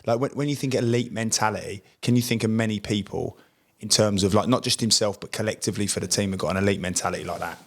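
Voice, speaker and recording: A man with a fairly low voice co-hosts a casual podcast conversation. He speaks earnestly and sincerely, sinking lower still when he praises someone. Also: fast. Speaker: podcast co-host. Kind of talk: casual chat.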